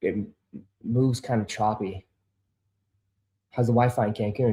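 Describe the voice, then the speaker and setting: A man hosting a casual sneaker livestream who swears, gets easily frustrated and calls his viewers bro and dude, turning loud and insistent when he makes a point. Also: fairly low pitch, steady tone, unhurried. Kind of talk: casual live-stream chat. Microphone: desk microphone.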